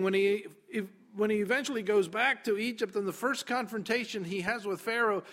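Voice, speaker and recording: A man preaching a sermon, dramatic, dropping to a hush and then rising to loud emphasis. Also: high voice, a little fast, few pauses.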